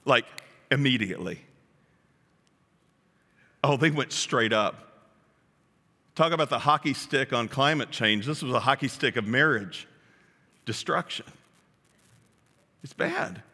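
A male pastor preaching a sermon in a joking, animated way, acting out the quotes he reads. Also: mid-range voice, measured pace, pauses often, big-room sound. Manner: jokey, animated, acts out quotes.

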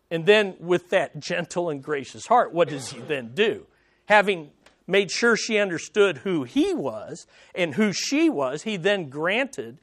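A man preaching a sermon to a congregation, emphatic, swinging between loud stresses and hushed lines. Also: high voice, no echo, clean studio sound. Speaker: pastor. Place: church sanctuary with congregation.

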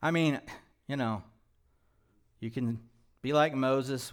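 A male pastor preaching a sermon in a church, moving from quiet, low passages to loud, emphatic ones. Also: takes it slowly. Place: church sanctuary.

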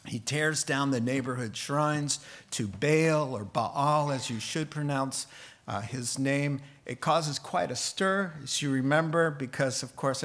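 Male pastor, relaxed sermon, chatty, medium-pitched voice, jokes now and then. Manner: conversational, joking asides.

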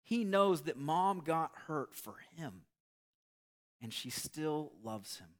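A man preaching a sermon, telling an illustrative story in an earnest, measured way. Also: fairly high pitch, sing-song. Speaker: pastor.

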